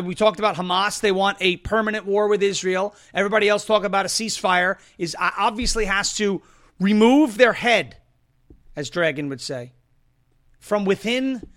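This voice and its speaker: Bright-voiced emphatic male talk host. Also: high voice. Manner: emphatic, rising to heated outbursts. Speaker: show host. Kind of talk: political talk show with live ad reads.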